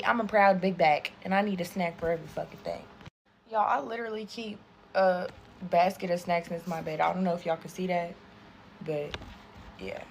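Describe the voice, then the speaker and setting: A young woman in her twenties spins a storytime for her viewers while putting on makeup. She is lively and swears constantly, chatty and expressive. Her voice sits at a middling pitch for a woman. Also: a little hiss or hum. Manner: animated, profane, chatty, addresses viewers as y'all. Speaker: storytime creator.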